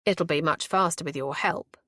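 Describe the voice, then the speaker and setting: A woman's voice: low voice, normal speed, fairly bright tone, dry recording, clean studio sound. A woman voicing a well-spoken male intruder who talks in a clipped, sneering way, in an audiobook. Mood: curt.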